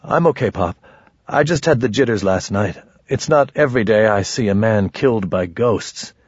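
A man's voice: fairly low pitch, lively intonation, normal speed, slightly rough, dry recording, highs cut off. A man voicing a young adult son, nervous but eager, speaking lightly.

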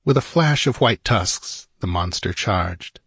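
A man narrating an audiobook in a measured, grave manner with a husky voice. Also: sits low, animated, a bit bright, no room sound, studio quality.

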